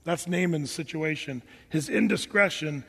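Guy preaching a sermon, high voice, lots of echo from a big hall, animated and emphatic. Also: a little slow, creaky, husky. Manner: animated, emphatic, repeats words while thinking. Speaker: pastor.

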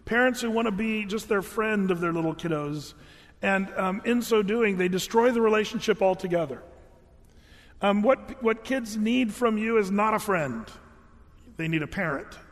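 Earnest high-voiced preacher in a hall. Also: male voice, a bit bright. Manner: earnest, conversational, with frequent restarts. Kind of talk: sermon. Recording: long hall reverb.

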